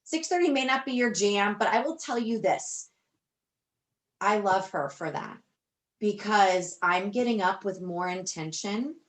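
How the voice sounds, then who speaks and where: A woman's voice: mid-range voice, animated, unhurried. Gushing woman coach on a team call. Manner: effusive, gushing, repeats herself. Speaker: business coach.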